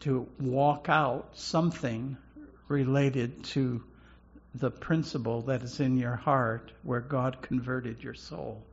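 A man preaching a sermon slowly and haltingly, often repeating words as he goes. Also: mid-range voice, steady tone, creaky, husky, highs cut off. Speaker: pastor.

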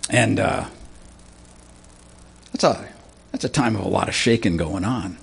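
Husky man preaching a verse-by-verse sermon. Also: on the low side, unhurried. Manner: teaching through scripture verse by verse, conversational asides; clears throat often.

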